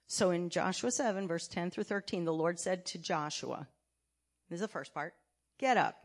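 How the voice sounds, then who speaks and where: A woman church elder preaching a sermon, emphatic, asking her congregation many questions and swinging between loud and quiet. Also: lowish voice, normal speed. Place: church sanctuary.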